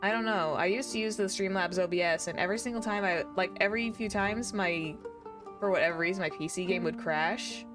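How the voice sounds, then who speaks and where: A woman's voice: fairly low pitch, fairly quick, music in the background. A young woman VTuber chatting casually on a gaming stream, rambling with many fillers. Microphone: desk streaming mic.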